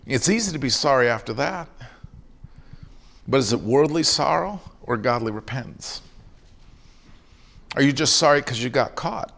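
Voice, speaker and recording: A man's voice: medium pitch, lively intonation, moderate pace, gravelly, long pauses, fairly bright tone. A middle-aged man preaching a sermon in an earnest way, now and then acting out the voices of people in his stories. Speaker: pastor.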